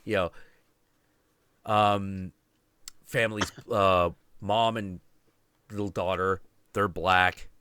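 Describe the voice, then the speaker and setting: A man in his twenties with a low, deep voice that still has a bright, forceful edge. He rants through a story with casual profanity, recorded dry and close. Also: fairly even intonation, takes it slowly, pauses often, smooth, no room sound. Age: 20s. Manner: profane, ranting, confrontational. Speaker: podcast host.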